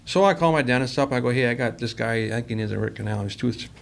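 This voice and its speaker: A man's voice: medium pitch, quick pace, creaky. A man, a company president, telling workplace stories in a rambling, casual interview style and acting out the quoted dialogue. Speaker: company president, podcast guest.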